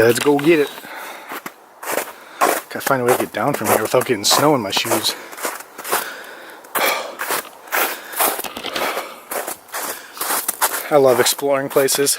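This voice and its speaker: A young man from Minnesota vlogging as he trudges through deep snow outdoors, rambling with lots of fillers and a little out of breath in the cold. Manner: rambling, filler-heavy talk with many 'like's. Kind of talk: casual vlog walking outdoors. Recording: wind and handling noise on a phone mic.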